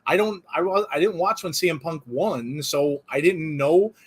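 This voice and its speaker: Animated high-voiced man hosting. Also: moderate pace, husky. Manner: animated, rambling, laughs often. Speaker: host. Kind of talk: casual live watch-along chat.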